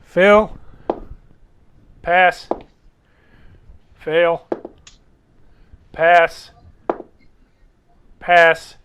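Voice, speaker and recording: A man running a tabletop game who narrates in a slow, deliberate way. His voice sits a little high for a man as he reads out saves and describes the scene. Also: fairly even intonation, a bit bright, dull audio, a little hiss or hum. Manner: deliberate, calling out dice results. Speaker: game master.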